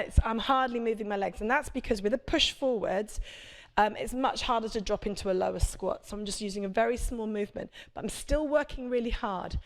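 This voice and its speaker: A woman, a prenatal fitness instructor, coaching a live workout class with chatty, encouraging cues and check-ins. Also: mid-range voice.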